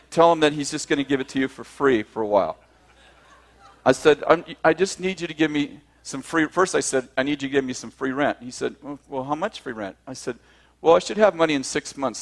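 Man with a slightly high voice, animated storytelling. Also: a little fast, gravelly. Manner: acts out both sides of conversations, often laughing. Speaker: speaker telling a personal story.

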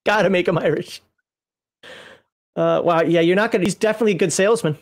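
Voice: mid-range voice, quick pace. A co-host in casual chat, reading entries from a game book aloud with playful asides and frequent laughter.

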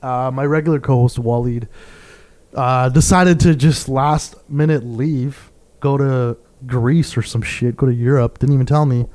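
A young man hosting a podcast in casual chat, loud and teasing, swearing freely. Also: mid-range voice, fairly even intonation, measured pace. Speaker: podcast host.

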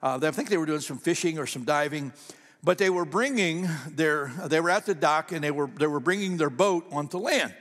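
A man's voice: on the high side, brisk, a bit bright. A man preaching a sermon as pastor, telling stories with animation and repeating phrases for emphasis. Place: church sanctuary. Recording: long reverb of a large church hall.

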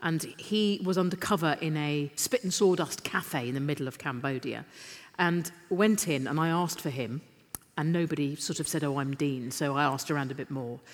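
A woman's voice: sits low, normal speed. Self-mocking Englishwoman telling stories on stage. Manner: animated, self-deprecating anecdotes with restarts. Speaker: interview guest. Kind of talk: live on-stage storytelling. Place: stage in a large literature festival hall. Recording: live hall with long reverb.

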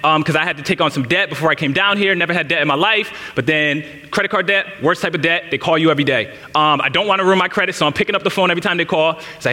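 A man in his thirties preaches, his fairly high voice bright and forceful. He tells a candid personal story and speaks straight to his listeners, while a long reverb hangs in the large hall. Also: fast, few pauses. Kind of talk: sermon told as personal story.

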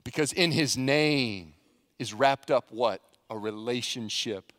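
A man's voice: mid-range voice, slow pace, a bit bright, dry recording, clean studio sound. A male pastor preaching a sermon, telling stories with animation and putting questions to the congregation.

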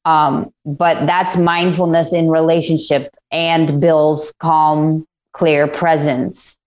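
A woman working as a mindfulness coach, explaining her ideas in a calm, measured way during an interview. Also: low-pitched.

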